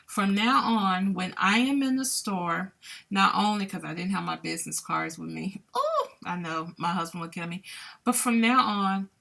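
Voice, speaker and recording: A woman's voice: mid-range voice, gravelly, a bit bright. A woman hosting a podcast, telling a personal story in a candid, chatty way that turns emotional at times. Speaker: podcast host. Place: lives in Columbia.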